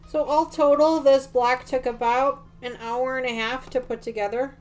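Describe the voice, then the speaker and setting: A woman's voice: high-pitched, steady tone, moderate pace, darkish tone, faint music behind. A middle-aged woman hosting a quilting livestream, chatting casually and rambling with many ums and restarts while she sews at home. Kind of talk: casual chat while sewing.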